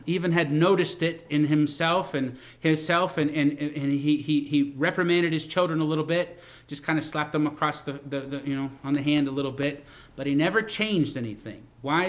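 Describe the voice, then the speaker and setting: A man preaching a sermon as pastor. He speaks earnestly, repeats words as he builds a point, and grows louder to stress it. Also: a little high.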